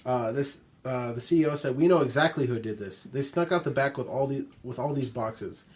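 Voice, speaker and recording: A man's voice: medium pitch, brisk. A young man co-hosting a podcast, reading news items aloud and joking with friends in casual chat.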